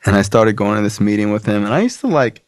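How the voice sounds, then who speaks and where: A man's voice: lowish voice, expressive, fast, no room sound, clean studio sound. A man guesting on a podcast, telling his story casually, loose and profane, with lots of fillers and quoted voices. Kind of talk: casual storytelling about recovery.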